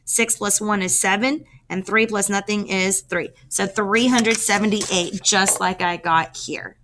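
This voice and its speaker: A woman's voice: mid-range voice, steady tone, unhurried, background noise. A woman teacher explaining a math lesson step by step, counting aloud as she works.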